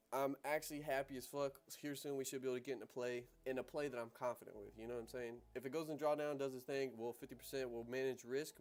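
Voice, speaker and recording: A man's voice: medium pitch, a little mellow. A young man hosting a livestream on trading, talking casually in slang and laughing often.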